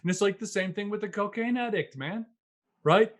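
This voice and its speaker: A man hosting a podcast as a physician, talking in a loose, animated way, laughing often and tossing in "man" and "it's like.". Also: sits high, normal speed. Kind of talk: casual conversation.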